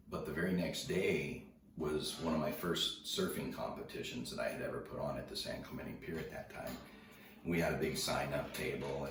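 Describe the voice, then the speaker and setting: A man's voice: very deep voice, slight background noise. A middle-aged man casually telling a story in laid-back surfer slang, acting out the dialogue. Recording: roomy, distant mic, faint ambience.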